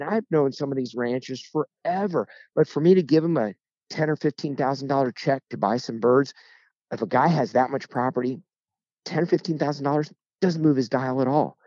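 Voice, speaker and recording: A man, a guest turkey hunter, telling stories in a casual interview with lively, joking delivery. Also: mid-range voice, a little fast, no room sound, highs cut off. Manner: lively, joking, acts out voices in anecdotes.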